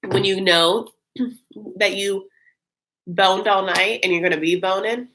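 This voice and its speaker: A woman's voice: mid-range voice, fairly even intonation, unhurried, fairly bright tone, a little hiss or hum. A woman hosting a live stream, chatting casually and rambling with lots of fillers and giggles. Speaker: live-stream host reacting to a reality show.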